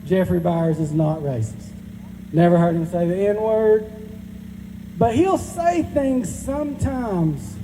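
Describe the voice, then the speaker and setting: A high-sitting voice with a dark tone belongs to a man in his forties, a rural Georgia comedian with a Southern drawl. He does a self-deprecating, crude routine on stage at a live benefit, captured in a reverberant hall with slight background noise.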